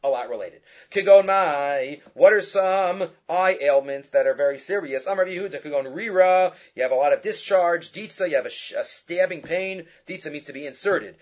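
Male Talmud teacher, quick and lively, slightly high husky voice, muffled lo-fi sound. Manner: quick, lively explaining with rhetorical questions. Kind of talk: Talmud lecture, reading and translating text.

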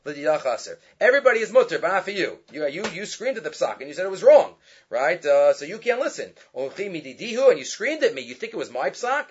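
A man teaching a Talmud lesson, reading the text aloud and translating it in quick, lively explanations with frequent rhetorical questions. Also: a little high, slightly rough, highs cut off.

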